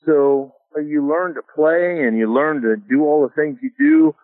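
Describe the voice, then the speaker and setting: A man's voice: on the high side, fairly even intonation, moderate pace, dry recording. A middle-aged man from Alaska, a former pro football lineman, telling stories in a casual interview, easygoing and chuckling, full of "you know" fillers. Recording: tinny dry phone line.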